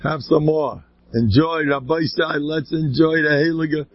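A man giving an informal inspirational talk full of stories, with an animated delivery that swoops up high and then drops to quiet asides. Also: a little slow, dry recording. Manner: animated, swooping pitch, sudden quiet drops, laughs between points. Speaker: inspirational speaker. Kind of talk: informal Jewish ethical talk with storytelling. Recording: dull lo-fi dry recording.

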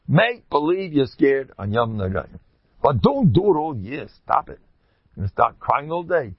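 Man, religious speaker, husky, self-mocking humor with high exclamations, dry and dull recording. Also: sing-song, moderate pace, dry recording. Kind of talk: informal religious talk.

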